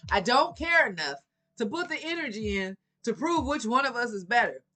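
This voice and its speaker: Woman vlogger, bright sassy motivational chat. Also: fairly high pitch, big pitch swings, fairly quick. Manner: sassy, preachy, laughs often, swears freely. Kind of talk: casual motivational talk to camera.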